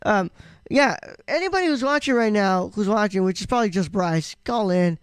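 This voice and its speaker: A man's voice: sits high, animated, a little fast, clean tone, dry recording. A man co-hosting a casual live-stream podcast, rambling with lots of fillers and restarts. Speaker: podcast co-host.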